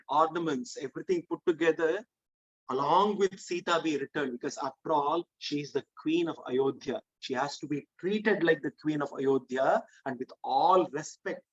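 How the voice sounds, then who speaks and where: A man's voice: on the high side, slightly rough, lo-fi sound. A man as a stern, earnest royal counselor. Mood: pleading. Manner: earnest, admonishing, pleading. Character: stern wise middle-aged male royal counselor.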